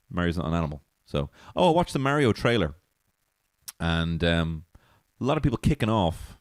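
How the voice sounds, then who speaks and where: A man's voice: low-pitched, big pitch swings, brisk, no echo, studio quality. A man hosting a comedy podcast alone, rambling, swearing and laughing at his own jokes from a small alcove. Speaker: podcast host. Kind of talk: solo comedy podcast monologue.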